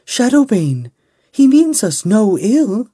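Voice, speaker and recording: A man voicing a gentle young noble woman priestess who speaks earnestly. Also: sits high, very animated, takes it slowly, husky, dry recording, clean studio sound, voice pushed up, exaggerated voice.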